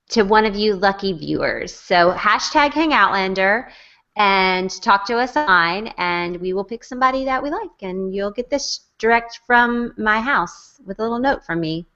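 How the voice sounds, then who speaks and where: A woman's voice: mid-range voice, lively intonation, pushed and bright. A woman co-hosting a casual video-call chat, explaining at length. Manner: chatty, drawn-out explaining. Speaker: co-host. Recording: muffled lo-fi call audio.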